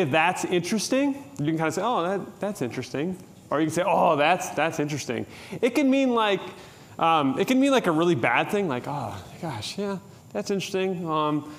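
A middle-aged man from Minnesota giving a conference tutorial talk in a casual, joking way, with frequent "uh" and "um". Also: fairly high pitch. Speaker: conference presenter.

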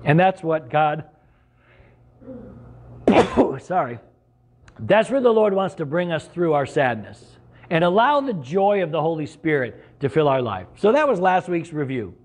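A man's voice: fairly high pitch, sing-song, unhurried. A middle-aged man preaching a sermon as pastor, earnest and conversational, with sudden emphatic rises.

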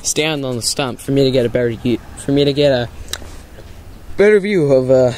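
A man's voice: mid-range voice, animated, normal speed, a little mellow, a little hiss or hum. A young man vlogging casually, rambling and upbeat as he talks straight to his viewers from home and then his front yard. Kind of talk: casual vlog chat.

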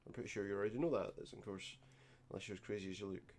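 Man, gameplay commentary, dry sarcastic asides, low voice. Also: steady tone, rapid-fire, a little mellow. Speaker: let's play host. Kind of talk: gameplay commentary reading game text aloud.

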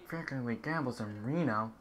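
A man's voice: mid-range voice, moderate pace. A young man giving casual, jokey gameplay commentary and chatting at the game characters. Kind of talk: casual let's-play commentary.

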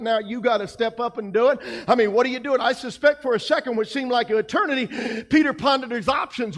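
A male pastor preaching a sermon, emphatic, his delivery swinging between soft passages and loud ones. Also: very high-pitched, moderate pace, long reverb tail. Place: church sanctuary.

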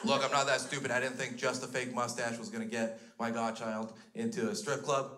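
A man's voice: medium pitch, little pitch movement, a little fast, bright, forceful tone. Crude, exasperated stand-up comedian man. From Canada. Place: comedy stage before a live audience. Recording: live show with audience noise. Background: audience laughter.

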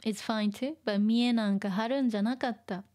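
Soft-spoken woman teaching vocabulary. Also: fairly high pitch, fairly even intonation, racing. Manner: soft and chatty, mixes Japanese and English, laughs often. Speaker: Japanese teacher. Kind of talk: casual livestream vocabulary lesson.

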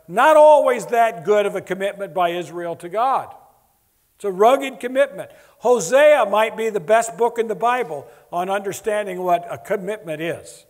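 Male preacher, higher voice, emphatic lecturing with wry asides. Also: expressive, moderate pace. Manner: emphatic, joking teacherly delivery with stressed key words. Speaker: Bible lecture speaker. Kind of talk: lecture sermon. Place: large lecture hall. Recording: echoey auditorium reverb.

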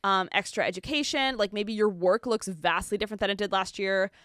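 A woman's voice: medium pitch, a little fast, a bit bright, dry recording, studio quality. A young woman from the United States co-hosting a casual podcast, talking in a chatty way with lots of fillers. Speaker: podcast co-host. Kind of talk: casual chat.

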